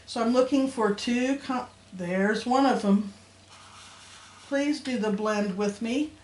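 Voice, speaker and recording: A woman's voice: on the high side, takes it slowly, darkish tone. A woman teaching a phonics lesson to young children, sounding out letters in a patient, sing-song teacher voice. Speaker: elementary school teacher. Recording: roomy echo, faint background hum.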